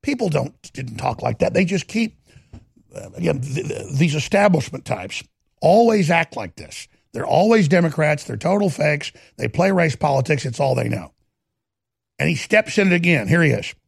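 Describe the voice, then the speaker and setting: A male host delivering indignant, rambling political commentary that breaks into shouts at times. His voice is fairly high for a man. It is gravelly and rough, with a husky edge. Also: lively intonation, normal speed, no room sound, clean studio sound.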